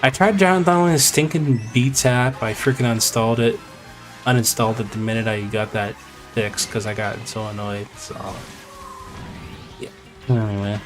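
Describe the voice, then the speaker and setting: A man's voice: medium pitch, steady tone, moderate pace. A man live-streaming a video game, chatting casually in a rambling, exasperated way with mild swearing. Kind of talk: casual chat while playing. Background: faint video game music.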